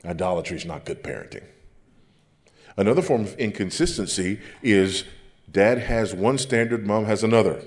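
Pastor, male, big low voice, emphatic repetition, sermon delivery. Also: lively intonation, moderate pace. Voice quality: big deep voice. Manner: emphatic, repeats phrases for effect.

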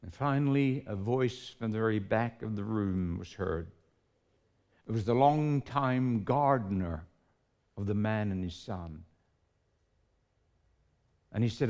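A man preaching a sermon, telling a story dramatically and slowing for emphasis. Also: fairly low pitch, a little mellow.

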